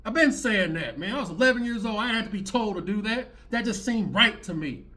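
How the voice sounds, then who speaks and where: This channel host has a high, bright, forceful voice, speaking fast and expressively. His reactions to clips turn into a preachy, rambling rant in which he repeats himself and keeps coming back to the same points.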